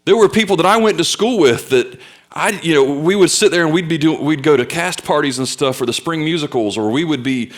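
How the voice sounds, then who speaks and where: A young man preaching a sermon, telling stories with loud bursts and quiet asides. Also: a little high, a little fast. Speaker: pastor.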